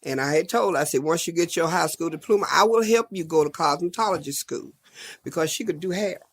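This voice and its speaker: A woman's voice: on the low side, fairly quick, slightly rough. A middle-aged woman with a Southern US accent, recalling family matters in a plain, matter-of-fact way. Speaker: interviewee, godmother. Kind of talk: interview recollection.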